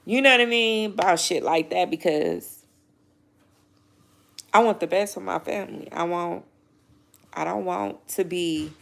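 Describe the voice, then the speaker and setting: A woman's voice: fairly low pitch, creaky. A young woman vlogging casually, telling a personal story in a rambling, emotional way, close to tears. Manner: emotional, rambling, frequent "you know what I mean", swears. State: near tears.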